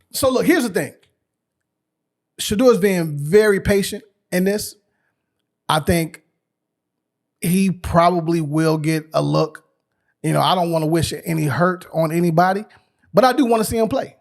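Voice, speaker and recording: A man's voice: fairly high pitch, unhurried, gravelly, long pauses. A man co-hosting a casual sports podcast, laid-back as he runs through figures and opinions. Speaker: podcast co-host.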